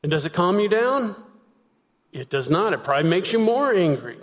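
A man's voice: high-pitched, big pitch swings, normal speed. A man preaching a sermon as pastor, talking to the congregation conversationally and asking them rhetorical questions. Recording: long hall reverb.

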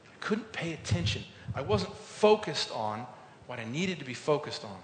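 A man preaching a sermon, telling a personal story with earnest emphasis, swinging between loud points and quiet reflective lines. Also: very animated, normal speed. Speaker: pastor. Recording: echoey hall with faint rumble.

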